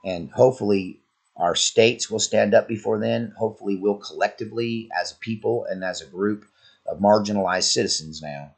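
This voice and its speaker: Low-voiced man, husky and sore-throated, earnest warning monologue, channel host. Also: normal speed. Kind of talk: commentary monologue. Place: Oklahoma, US.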